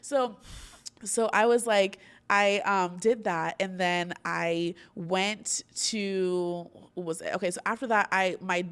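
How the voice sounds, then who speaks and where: A woman's voice: mid-range voice, steady tone, slow, a bit bright, clean tone. A young woman from Orlando, hosting a podcast, telling a story in casual chat with many fillers and frequent laughs. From Orlando, Florida. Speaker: podcast host.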